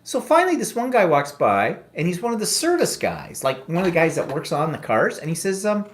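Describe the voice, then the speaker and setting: Spinning a loose, chatty story on his talk show, this co-host lets his pitch swoop up and down with lively expression. He's animated and sarcastic, slipping into quick impressions of the people in his anecdotes.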